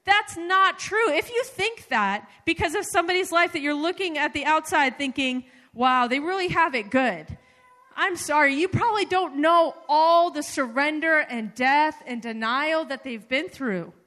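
Lady preaching casual-style, kinda high voice, lots of likes, big echoey hall. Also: normal speed. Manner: animated, conversational, many fillers. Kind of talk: sermon with personal stories. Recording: reverberant hall.

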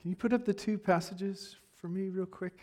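A man preaching a sermon in a conversational way, dropping to near-hushed asides and then rising to fired-up emphasis. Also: high voice, normal speed.

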